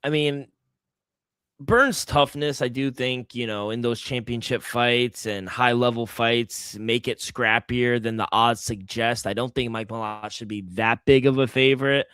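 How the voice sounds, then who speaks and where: Male co-host, mid pitch, smooth voice, dry close sound. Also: fairly even intonation, a little slow, a bit bright, no echo. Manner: laid-back, reads ad spots. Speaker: podcast co-host. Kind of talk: casual sports betting chat.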